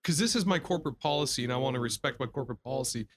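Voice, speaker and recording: Man, casual chat, animated, acts out customers, quick laughs. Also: medium pitch. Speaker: podcast co-host, salesman.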